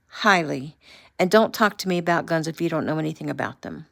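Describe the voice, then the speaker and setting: A woman voicing a spirited, gun-savvy young woman who talks in a brisk, sassy, teasing way, in a read-aloud novel. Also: low voice, expressive, creaky, a bit bright, heavily acted.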